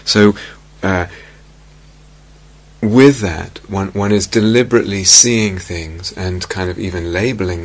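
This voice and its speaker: Deep gravelly man giving a dharma talk. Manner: slow, reflective, repeats phrases softly. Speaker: meditation teacher. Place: retreat meditation hall.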